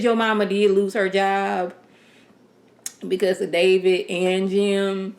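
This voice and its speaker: A woman casually reviewing a TV episode in a sassy, animated, rambling way. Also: medium pitch, slow. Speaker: TV show reviewer. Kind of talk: casual chat.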